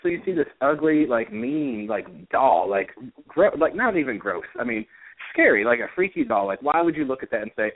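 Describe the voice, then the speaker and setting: A man co-hosting a podcast in casual chat, telling stories in a chatty, animated way. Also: mid-range voice, normal speed, no echo. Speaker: podcast co-host. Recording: tinny phone-like dry audio.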